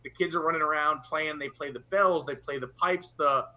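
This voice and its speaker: A man's voice: on the high side, normal speed, a crowd in the background. A young man co-hosting a casual live chat, talking with rambling enthusiasm. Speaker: podcast co-host.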